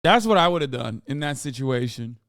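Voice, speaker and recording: A man's voice: mid-range voice, lively intonation, a little fast, a bit bright, dry recording, studio quality. A man hosting a live stream, reacting to clips with sarcastic, sweary commentary. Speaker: streamer host.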